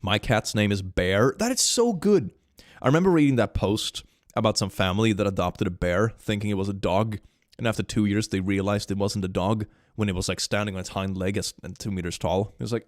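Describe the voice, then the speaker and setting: A man's voice: on the low side, sing-song, moderate pace, dry recording, clean studio sound. A young man streaming live, chatting casually and reading viewer messages aloud, laughing often, with a slight cold. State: slight cold, stuffy nose.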